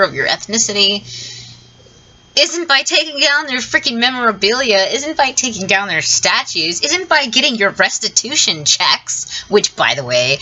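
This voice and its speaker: A woman's voice: mid-range voice, sharp tone, low-quality recording. A woman from the southern United States, ranting her opinions in a vlog, blunt and profane, laughing often between points. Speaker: vlogger. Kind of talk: opinion rant to camera.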